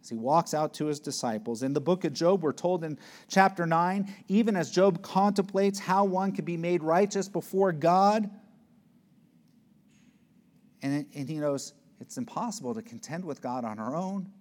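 Emphatic preacher with a fairly high voice. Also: male voice. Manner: emphatic, swings between loud peaks and low hushed words; reads scripture aloud slowly and deliberately. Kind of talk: expository sermon.

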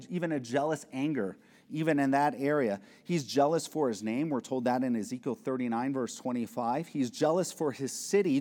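A man's voice: mid-range voice, darkish tone. Man preaching in a reverberant hall. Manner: earnest, builds to emphatic peaks, acts out little scenes. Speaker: pastor. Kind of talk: expository sermon. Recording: long reverb of a large hall.

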